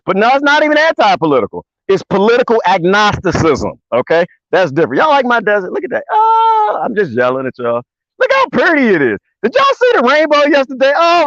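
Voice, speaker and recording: A man's voice: no echo, lo-fi sound. A middle-aged man, ranting casually to viewers from outdoors in the desert, rambling and folksy. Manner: animated, rambling, folksy, swings to high excited pitch. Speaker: vlogger.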